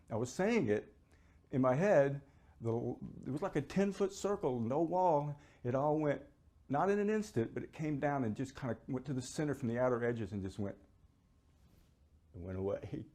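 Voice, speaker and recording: A middle-aged man giving an emotional personal account, his voice climbing high as he relives the experience. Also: expressive, normal speed, dark tone. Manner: emotional, pitch rising sharply as he relives it. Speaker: near-death experiencer. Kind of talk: personal testimony.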